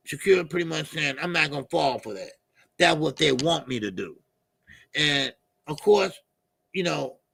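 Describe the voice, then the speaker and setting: A man's voice: sits high, gravelly, sharp tone, no room sound. A man hosting a casual boxing live stream, rambling loosely, repeating himself and answering the chat. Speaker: boxing channel host.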